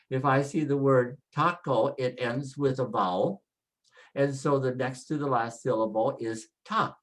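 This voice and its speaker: Language teacher for a recorded lesson: unhurried, methodical, says each example word twice so learners can copy it. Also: mid-range voice, rough recording. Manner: repeats each example word slowly to model pronunciation; plain step-by-step explaining. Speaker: language instructor. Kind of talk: spoken lesson with slides.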